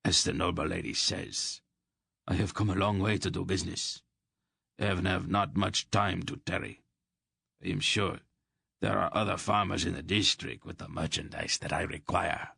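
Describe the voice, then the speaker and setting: A man's voice: sits low, fairly even intonation, moderate pace, creaky, pushed and bright, husky, no echo, studio quality, exaggerated voice. Man doing a cold, heavily accented merchant. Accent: heavy foreign accent. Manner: cold, terse. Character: cold scar-faced foreign male merchant.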